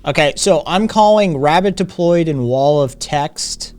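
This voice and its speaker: A man's voice: fairly high pitch, lively intonation, a little slow, darkish tone. A man hosting a live stream in casual chat, loose and profane, often laughing. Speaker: streamer host.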